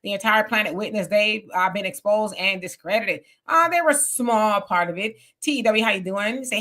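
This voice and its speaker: A woman's voice: medium pitch, moderate pace, few pauses, pushed and bright. A woman hosting a live online talk show who greets her viewers one by one by name. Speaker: host.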